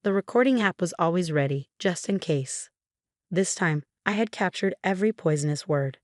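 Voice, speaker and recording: A young woman narrating a first-person story in a calm, measured way. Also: lowish voice, dry recording, studio quality. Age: young adult.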